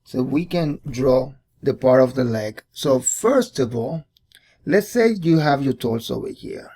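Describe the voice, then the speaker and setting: A man's voice: medium pitch, lively intonation, unhurried, creaky, mellow. A man hosting a casual drawing tutorial, thinking aloud and repeating words as he sketches. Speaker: art tutorial host.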